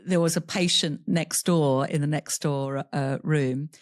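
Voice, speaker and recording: A woman's voice: sits low, fairly even intonation, a little slow, no room sound, studio quality. A woman guest on a podcast interview telling a personal story candidly, laughing through painful memories and acting out quoted dialogue. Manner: voices other people in quoted dialogue.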